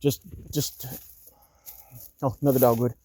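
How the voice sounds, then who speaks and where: A man's voice: medium pitch, little pitch movement, measured pace, warm tone, slightly rough. A man in his fifties walking outdoors through his wooded yard, talking in an agitated, exasperated rant that repeats itself. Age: 50s. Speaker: vlogger. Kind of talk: walking-tour vlog rant.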